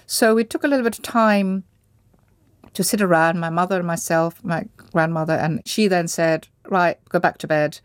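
A woman from Indonesia sits for an interview, her voice pitched a little low and recorded close and dry. She talks in a reflective, searching way, circling back and restarting as she gathers her memories. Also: moderate pace, no room sound. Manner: thoughtful, searching for words, frequent restarts. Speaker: interview guest. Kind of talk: reflective personal recollection.

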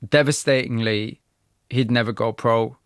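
A male radio presenter narrating a documentary segment in a measured way and asking empathetic questions. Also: medium pitch, fairly even intonation, no room sound, clean studio sound. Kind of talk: scripted narration and interviewing.

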